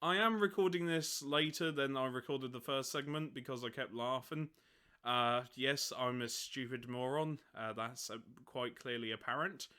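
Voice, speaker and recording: Giggly bright-voiced man. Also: medium pitch, moderate pace, clear, resonant tone. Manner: giggly, keeps breaking into laughter; rambling, self-mocking. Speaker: hobby channel host. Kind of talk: casual chat.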